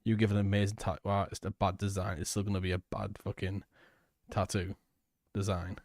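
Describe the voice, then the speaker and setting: A man's voice: low voice, level tone, brisk, gravelly, darkish tone, no room sound, clean studio sound. A man giving reaction commentary on clips, blunt and sarcastic, with frequent swearing.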